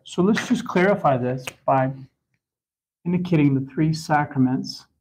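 A man giving a catechism lesson, talking in a halting way with many restarts and fillers. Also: a little high, darkish tone, slight background noise, rough recording. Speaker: catechism teacher.

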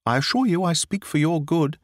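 A brisk Victorian detective, put on by a man reading aloud, crisp, assured and a touch lofty in a storybook telling. The voice sits noticeably higher than the reader's own and moves about a great deal in pitch. It is recorded close and dry. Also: expressive, no echo, lightly acted.

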